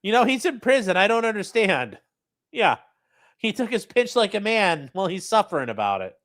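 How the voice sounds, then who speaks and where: A man's voice: high voice, big pitch swings, normal speed, fairly bright tone. A man hosting a livestream, reading from a statement and mocking it with profane, sneering commentary. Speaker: livestream host.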